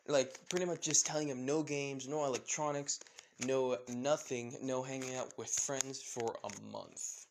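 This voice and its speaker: A man's voice: mid-range voice, normal speed, a bit bright. A young man improvising a fan story narration, rambling and fumbling over names with lots of fillers.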